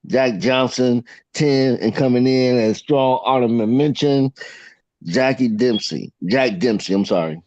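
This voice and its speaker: A man joining a casual boxing chat as a guest, calmly reading off his ranked list in a steady rhythm. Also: medium pitch, no echo, highs cut off. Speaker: guest panelist.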